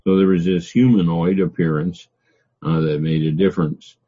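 Deep, dark-voiced man teaching scripture. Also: fairly even intonation, slightly rough, dull audio. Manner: reads scripture then explains it, with frequent "uh" pauses. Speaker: Bible teacher. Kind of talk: verse-by-verse Bible teaching.

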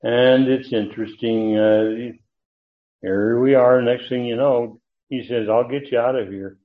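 A man teaching a verse-by-verse Bible study lecture, talking in a halting way with frequent fillers and restarts. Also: medium pitch, steady tone. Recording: tinny phone-like audio.

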